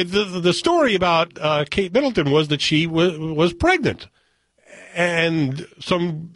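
A man's voice: a little high, no echo. A man hosting a radio talk show, chatting casually in a wry way and reading news items aloud.

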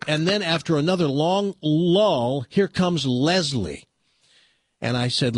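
A man, a talk show host, telling an exasperated story in a casual, animated way. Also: a little high, slow pace, dry recording, studio quality.

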